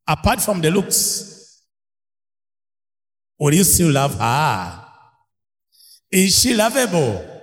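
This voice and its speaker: Lively, slow-paced male preacher. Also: high voice. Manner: animated, laughing, calls out questions to the congregation. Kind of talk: sermon. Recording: long hall reverb.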